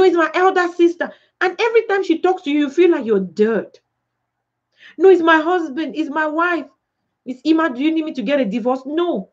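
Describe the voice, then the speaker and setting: High-voiced woman preaching emphatically. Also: darkish tone. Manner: emphatic preaching with rhetorical questions and acted-out quotes. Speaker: pastor. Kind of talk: sermon. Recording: dull lo-fi recording.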